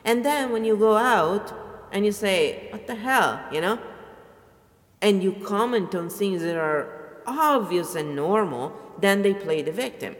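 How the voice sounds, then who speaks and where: A woman's voice: medium pitch, animated, unhurried, long reverb tail. A middle-aged woman, ranting bluntly and swearing freely in a rambling personal vlog. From Italy. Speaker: vlogger. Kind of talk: personal rant to camera.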